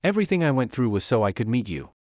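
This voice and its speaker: A man's voice: medium pitch, sing-song, very fast, no room sound, studio quality, close to an everyday voice. A man voicing an obsessive, lovestruck young woman with fire powers, talking in a clingy, possessive way. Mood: adoring. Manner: clingy, pleading then coldly possessive.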